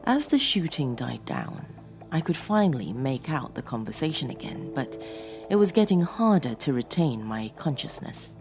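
Horror narrator and show host, woman: low and gravelly, slow and dramatic, lively swings in pitch. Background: faint music.

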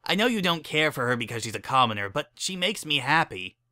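A man's voice: medium pitch, big pitch swings, brisk, sharp tone, no room sound. A man voicing an earnest young female pony musician of noble family, in a dramatic story reading.

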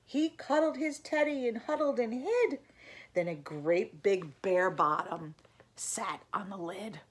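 An older woman reading a picture book aloud as a bedtime story, gentle and expressive. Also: medium pitch, takes it slowly, breathy edge.

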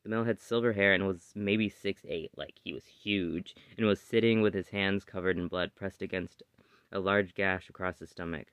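A man reading his original story aloud in steady first-person narration. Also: low voice, moderate pace, smooth, dry recording. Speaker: story reader.

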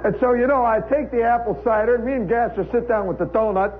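A man's voice: extremely high pitch, quick pace. An American man telling a humorous story in a wry, conversational way, full of asides, on a live radio show. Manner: wry, conversational, with frequent "you know" asides. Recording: tinny 1960s radio broadcast recording, faint hiss.

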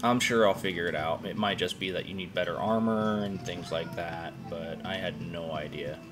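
A man's voice: low-pitched, moderate pace. A man casually thinking aloud while commentating a video game over faint game music. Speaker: gaming YouTuber. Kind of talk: let's play commentary.

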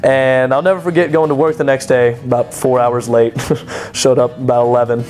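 A young man casually telling a personal story, animated and chatty, full of "like" and laughing at himself. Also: mid-range voice, normal speed. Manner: animated, chatty, many "like" fillers, laughs at his own story.

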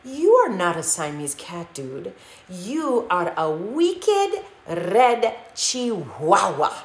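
A woman's voice: a little high, sing-song, slow, echoey room, pitched above the performer's own voice. A woman voicing a silly boy Siamese cat who thinks he's a dog, in a children's storybook reading. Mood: excited.

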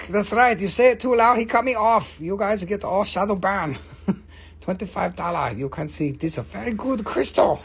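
A live-stream seller of rocks and crystals who talks in a casual, joking, profane and excitable way. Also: mid-range voice, moderate pace, husky. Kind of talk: casual live sales chat.

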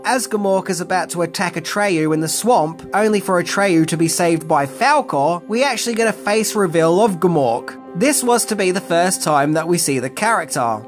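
A video essay narrator giving casual film commentary with wry, conversational asides. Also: medium pitch.

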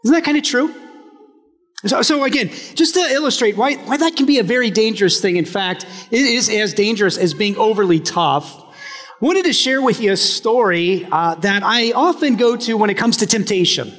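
A male pastor giving a sermon in a relaxed, joking way, often restarting his phrases. His voice sits high for a man. The church adds a long, trailing reverb. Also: normal speed. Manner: conversational and humorous, with frequent restarts. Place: church sanctuary.

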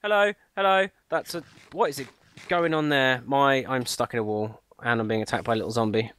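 A man's voice: medium pitch, steady tone, a little fast, a bit bright. A man co-hosting a casual game let's-play, teasing his friend with mock insults. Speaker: co-host in a Minecraft let's-play. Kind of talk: casual gaming chat.

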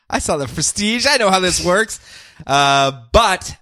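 A man co-hosting a podcast, recapping comics in casual chat, animated and quick to laugh. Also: sits high, dry recording. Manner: animated, laughs often, slips into playful character voices. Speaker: podcast co-host.

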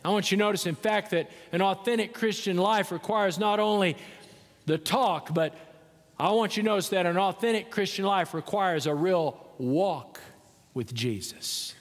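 A male pastor preaching a sermon, telling a story and swinging from soft, slow passages to emphatic ones. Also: high voice. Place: large church sanctuary. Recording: church sanctuary with long reverb.

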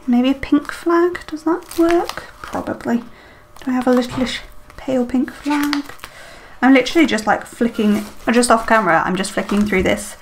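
A woman's voice: sits high, moderate pace, a little hiss or hum. A woman chatting casually to herself as she decorates a planner, full of ums and little questions. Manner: chatty, self-talking while decorating, many ums. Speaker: planner vlogger. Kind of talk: casual plan-with-me chat.

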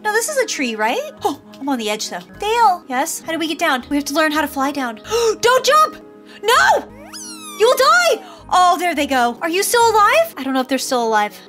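High-voiced gamer girl narrating her roblox bird roleplay, gasps a lot, super bouncy pitch. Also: fast, few pauses, soft background music. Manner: excitable, frequent gasps, plays a baby bird in first person. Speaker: gaming channel host. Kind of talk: game role-play commentary.

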